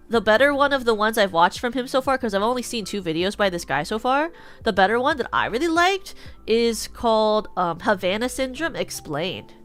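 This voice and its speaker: Chatty West Coast American woman streamer. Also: on the high side. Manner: rambling, chatty, many fillers and restarts. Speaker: VTuber streamer. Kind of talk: casual chat.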